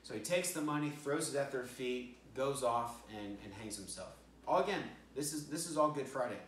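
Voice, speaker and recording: An American man preaching in a roomy church hall, heard from some distance off the mic. He tells the story in a halting way, repeats words, and briefly acts out the voices of the people in it. His pitch sits in a middle range for a man. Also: a bit bright, slight background noise. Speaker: pastor. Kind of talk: storytelling sermon. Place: church sanctuary.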